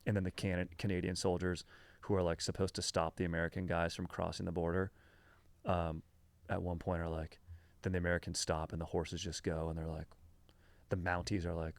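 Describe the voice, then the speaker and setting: A man's voice: deep voice, flat delivery, brisk, vocal fry, no room sound. A man hosting a podcast, telling a history story in a rambling, slangy, casual way full of fillers. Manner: rambling, filler-heavy, slangy, says dude and bro.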